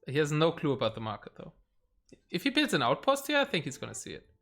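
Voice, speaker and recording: Live game caster at a desk mic, talking in a bouncy, up-and-down voice at a middling pitch, thinking out loud and reacting to the match with keyboard clacking now and then behind. The delivery is chatty and unscripted. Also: huge pitch swings, fast.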